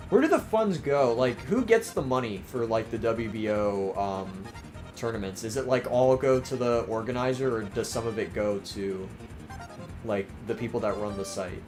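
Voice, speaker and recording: A man's voice: fairly low pitch, moderate pace, darkish tone, faint music behind. A young man with a mixed Maryland, Southern and New York-New Jersey accent, casually chatting on a livestream and reading viewer comments. He rambles with lots of restarts and fillers, his voice a little strained. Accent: mix of Maryland, Southern and New York-New Jersey. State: voice starting to strain. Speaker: livestream host.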